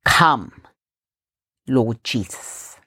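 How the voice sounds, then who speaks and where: A woman from India hosting a Christian meditation podcast, calmly guiding breathing and scripture reflection. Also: a bass voice, breathy edge. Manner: calm, slow, gently instructive.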